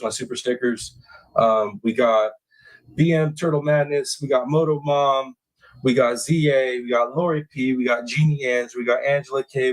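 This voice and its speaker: A man's voice: mid-range voice, low-quality recording. A man hosting a true crime live stream, ranting bluntly with swearing and "y'all", then reading out viewer names. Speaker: true crime livestream host. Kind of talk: casual live-stream rant and chat reading.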